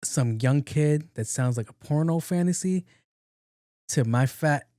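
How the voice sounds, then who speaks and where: A middle-aged man, hosting a podcast and telling casual stories, profane and animated, laughing often. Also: a little high, unhurried, dry recording, studio quality. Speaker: podcast host. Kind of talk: casual storytelling monologue.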